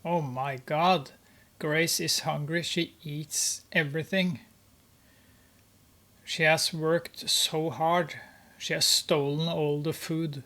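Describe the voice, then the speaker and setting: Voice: mid-range voice, steady tone, slow, fairly bright tone. A gamer giving commentary on gameplay, narrating with many hesitations and amused exclamations.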